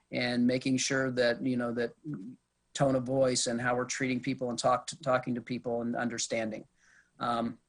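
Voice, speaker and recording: A man, a police officer, giving a conversational de-escalation presentation to a board over a video call. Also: mid-range voice. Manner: conversational, acts out quotes from arrestees.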